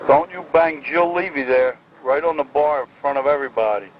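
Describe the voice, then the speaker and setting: A man's voice: a little high, a little fast. A man with a Philadelphia accent, boisterous and laughing, recorded on tape inside a car. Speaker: actress's uncle reading film lines. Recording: muffled tape, noisy car.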